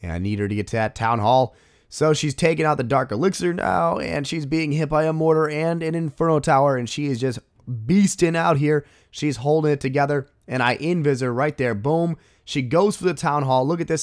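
A man hosting a gaming video, talking through a strategy game attack in casual commentary and exclaiming loudly at close calls. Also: fairly high pitch, fairly quick, dry recording. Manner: excitable, exclaims at game moments.

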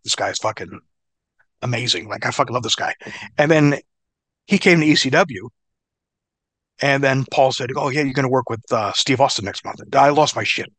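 A man's voice: medium pitch, no room sound. A middle-aged man, a former wrestler, telling stories in a casual interview, swearing often and laughing between bits. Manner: profane, laughing, animated storyteller. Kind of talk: casual storytelling.

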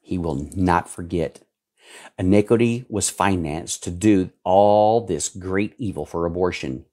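A male pastor preaching fervently and answering viewer questions, swinging between low mutters and loud outbursts.

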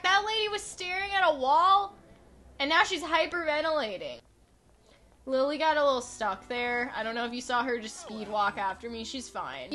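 A woman's voice: sits high, pushed and bright. A woman in her twenties giving chatty, sarcastic commentary while playing a video game, full of "like". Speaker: gaming YouTuber. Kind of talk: casual gameplay commentary.

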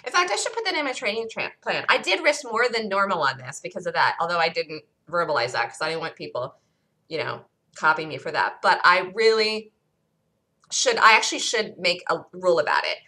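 A woman hosting a live day trading room, excitedly calling trades as they happen, her voice getting worn from talking loud. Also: fairly low pitch, a little fast. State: losing her voice. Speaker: day trading show host.

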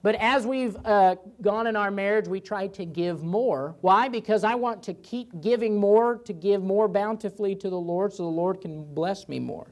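A pastor leading a church Bible study, talking in a loose, chatty way. He stumbles through restarts and fillers, then jumps into lively little asides when he acts out a prayer or a thought. The result is relaxed and animated rather than a polished sermon. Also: high voice, moderate pace, few pauses. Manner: conversational, with many fillers and restarts; animated, voices God and himself in asides.

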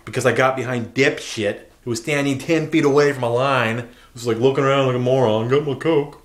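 A man's voice: medium pitch, steady tone, fairly quick, roomy sound. A man telling an aggrieved, profane story in an angry vlog rant.

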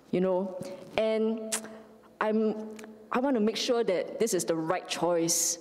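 A woman's voice: medium pitch, takes it slowly, a little mellow, long reverb tail. A woman from Singapore preaching a sermon, telling a story with frequent "right?" and "you know" asides. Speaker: lay preacher. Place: church sanctuary.

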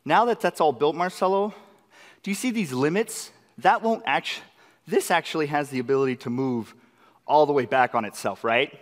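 An excitable man leads a live software demo, his voice pitched a little high and full of eager rhetorical questions. He is recorded through a presenter mic, and the long reverb of a conference hall trails behind his words. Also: moderate pace. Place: large conference session room.

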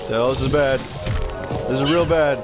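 A gaming video creator from Tucson, Arizona, a man with a mid-range voice at normal speed, gives casual commentary while playing a fighting game. He yelps and laughs as he plays, with loud fighting game music and sound effects in the background.

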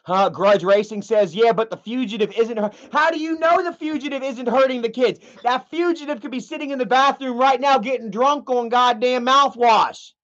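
A man's voice: very high-pitched, normal speed, hardly any pauses, fairly bright tone. A man hosting a livestream, ranting in a profane, rambling way with lots of fillers. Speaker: livestream host. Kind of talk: livestream commentary. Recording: muffled lo-fi audio.

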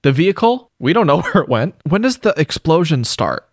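A young man hosting a sarcastic comedy reaction commentary, joking and animated. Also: a little high, brisk, no room sound, clean studio sound.

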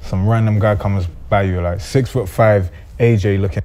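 Slangy man, low and mellow. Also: steady tone, moderate pace. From Caribbean. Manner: slangy, brash storytelling. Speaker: guest. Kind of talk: casual interview chat.

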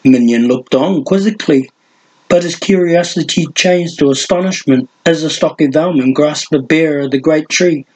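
Male audiobook reader, slightly high, husky, measured. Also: darkish tone. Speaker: audiobook narrator. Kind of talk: fantasy novel reading.

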